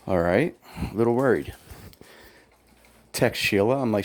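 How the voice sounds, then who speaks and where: A man's voice: lowish voice, moderate pace, pauses often. A man telling his own story in a casual first-person account, aggrieved, blunt and profane, quoting what others said to him. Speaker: former employee telling his grievances.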